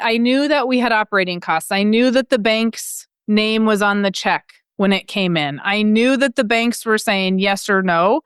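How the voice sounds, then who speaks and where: A woman from the American Midwest talking in an animated, loud and emphatic way, as podcast host and interview guest. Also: mid-range voice, smooth, no echo, studio quality.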